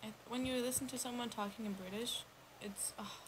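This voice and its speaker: A woman's voice: on the high side, steady tone, fairly quick. A young woman talks casually in English on a livestream, thinking aloud as she goes. Her sentences wander and restart, filled with ums and little stumbles. A faint hiss sits under her voice. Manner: rambling, hesitant with many ums and restarts. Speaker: livestream co-host. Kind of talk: casual chat.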